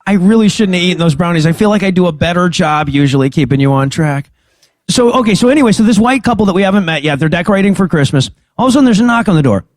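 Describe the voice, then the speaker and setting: A man's voice: sits high, expressive, very fast, no room sound. A man co-hosting a comedy podcast, recapping a film's scenes and laughing often. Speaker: podcast co-host. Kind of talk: comedic movie-recap chat.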